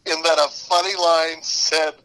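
A man guest in a casual interview, telling animated stories, laughing often and acting out quotes. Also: fairly high pitch, unhurried, rough recording. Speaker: guest, musical writer.

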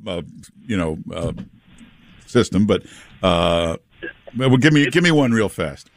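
A man hosting a talk radio show, joking and mocking in a casual, lively way. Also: low-pitched, measured pace. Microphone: studio mic.

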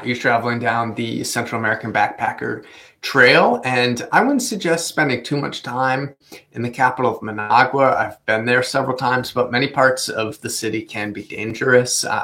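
A man gives casual travel advice to the camera, chatty and full of small fillers. His voice has a gravelly, fry-laden edge at a mid pitch. He takes extra care over Spanish place names. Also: fairly bright tone. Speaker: travel vlogger. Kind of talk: casual travel guide talk.

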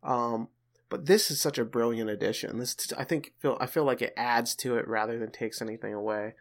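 Speaking briskly in a mid-range voice, a male podcast co-host chats casually and with lots of energy. He's an animated storyteller, retelling scenes and cracking jokes along the way.

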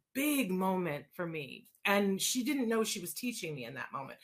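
Chatty, lowish-voiced woman host. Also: big pitch swings, moderate pace, few pauses. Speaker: show host answering listener questions. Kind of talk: casual monologue and listener Q&A.

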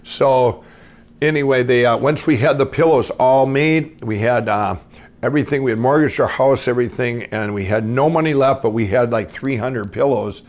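A middle-aged man from Minnesota telling his own life story off the cuff, rambling with many restarts and swinging between excited and hushed. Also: medium pitch, moderate pace. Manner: rambling, full of restarts and "I'm going". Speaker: guest storyteller. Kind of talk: unscripted personal storytelling.

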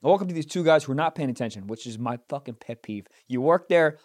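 A man on a casual podcast spins a comic rant, his pitch swinging widely as he builds to loud, indignant shouts. The sound is close and dry, with no room around him. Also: quick pace, dry recording. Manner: animated, swearing, rising to loud indignant outbursts. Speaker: podcast host. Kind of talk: casual comedic storytelling.

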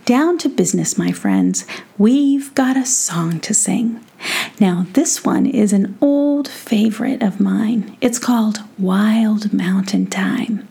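A middle-aged woman hosting a children's podcast, speaking softly and affectionately straight to young listeners in a breathy, near-whispered voice. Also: mid-range voice.

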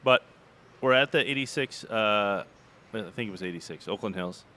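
A man in his forties, a former caddie, telling a lively golf story on a podcast and laughing along. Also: lowish voice, normal speed. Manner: animated storyteller, laughing as he tells.

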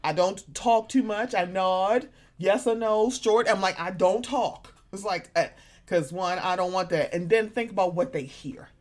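A woman in her thirties chatting casually as a podcast co-host, animated and profane, often acting out what other people say. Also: mid-range voice, normal speed. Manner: animated, profane, acts out quoted voices. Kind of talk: casual chat.

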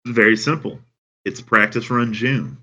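A man with a Southern American accent, chatting casually as a podcast co-host and telling things in a dry, deadpan way. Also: lowish voice. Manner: dry, deadpan storytelling with drawn-out phrases. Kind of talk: casual chat. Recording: dull lo-fi sound.

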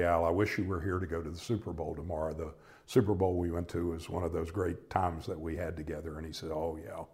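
Older american man, very deep voice, reflective storyteller, halting delivery. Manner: reflective, halting, with many restarts and quoted dialogue. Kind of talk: personal storytelling.

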